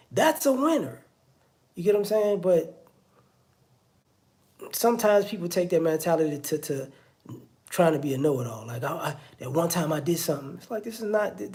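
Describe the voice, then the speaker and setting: An online commentator gives a casual, conversational monologue, repeating himself and saying "you know what I'm saying" again and again. His voice sits high, with vocal fry and a darkish tone.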